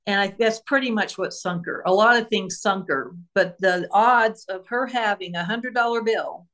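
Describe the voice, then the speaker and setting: A woman author tells a true crime story as a guest on an interview show. She speaks at a medium pitch and acts out quoted voices with lively emphasis as she walks through each step of the case. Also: normal speed. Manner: animated retelling, acting out quoted voices.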